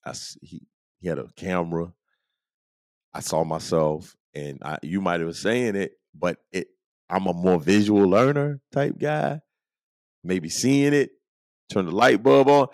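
A man with a low voice tells stories in a casual, animated way. He acts out what his friends said and laughs easily between lines. The sound is dry and close, with no room around it. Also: measured pace, no echo. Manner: animated, acts out quoted friends, chuckles often. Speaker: podcast host. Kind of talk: casual storytelling monologue.

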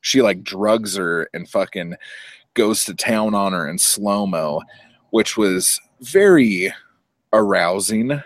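A man's voice: on the low side, takes it slowly, no room sound. Profane, chatty man recapping a movie. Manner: profane, animated storytelling with acted-out quotes. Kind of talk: casual movie recap chat.

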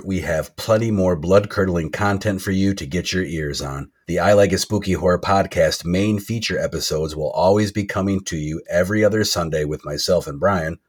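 A man's voice: sits low, moderate pace, few pauses. A man co-hosting a podcast, chatting in a rambling, plain-spoken way. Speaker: podcast co-host. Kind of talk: casual podcast chat.

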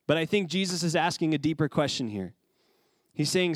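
A man's voice: on the high side, lively intonation, a little fast, no room sound. A man preaching a sermon as pastor, in a conversational way with casual asides.

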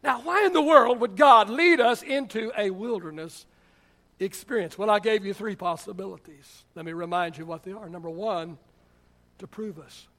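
A pastor with a high voice and moderate pace delivers a sermon built on stories. He animates them by performing the quoted people's words.

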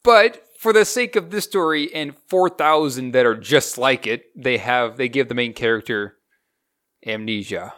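A man's voice: medium pitch, unhurried, a bit bright. A young man co-hosting a movie review podcast, talking casually and critically, rambling from point to point. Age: young adult.

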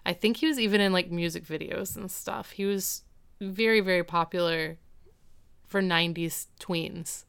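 A woman's voice: fairly low pitch, steady tone, normal speed, vocal fry, a bit bright, smooth. A woman in her thirties co-hosting a podcast, chatting and animatedly retelling a TV episode. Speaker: podcast co-host. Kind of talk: casual recap chat.

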